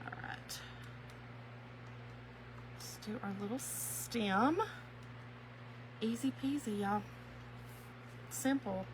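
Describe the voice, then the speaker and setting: Her voice is fairly high and very slow, with frequent pauses, and there's background noise behind it. She's a Kentucky woman hosting a chatty craft live stream, laughing easily, greeting viewers by name, reading their comments, and saying "y'all" in a folksy, warm way.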